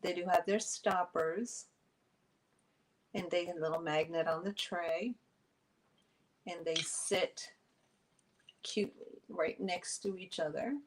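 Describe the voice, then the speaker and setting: A woman from New York with a New York accent, running a chatty live sale of vintage items into her phone, filling pauses with ums. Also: lowish voice, fairly even intonation, noisy background. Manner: chatty, friendly, many fillers. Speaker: online vintage seller.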